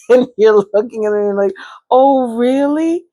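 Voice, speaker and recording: A woman talking casually about her own life, chatty and expressive, laughing often and speaking straight to her listeners. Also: mid-range voice, quick pace, no echo. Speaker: vlogger sharing her brain injury recovery. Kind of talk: casual personal storytelling to camera.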